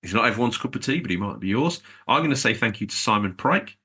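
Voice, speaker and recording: A man's voice: fairly low pitch, lively intonation, quick pace, bright, forceful tone, husky. A man co-hosting a podcast, chatting in a jokey, rambling way while reading out supporters. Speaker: podcast co-host. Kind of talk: casual podcast chat.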